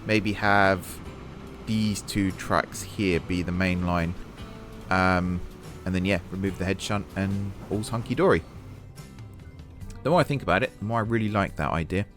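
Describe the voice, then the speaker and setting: A man's voice: low-pitched, measured pace, over music. Chatty man narrating a building game. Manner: chatty, thinking aloud while building; self-deprecating about mistakes. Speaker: gaming channel host. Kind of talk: casual let's-play commentary.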